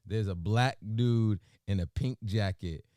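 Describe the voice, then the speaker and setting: A man co-hosting a morning radio show, bantering and joking with an animated, emphatic delivery in a studio. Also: lowish voice, measured pace, dry recording.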